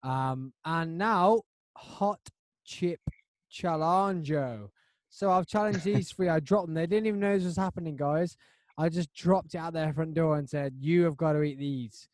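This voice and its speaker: A man hosting a casual podcast chat from a home studio, excitable and quick to laugh. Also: a little high, no echo. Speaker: podcast host.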